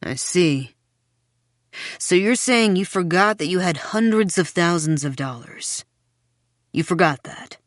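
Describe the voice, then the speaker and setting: A woman narrator voicing a suspicious man she calls the goblin, speaking low and probing, in a slow audiobook reading. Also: expressive, no echo, clean studio sound. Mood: hushed. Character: suspicious middle-aged man nicknamed the goblin.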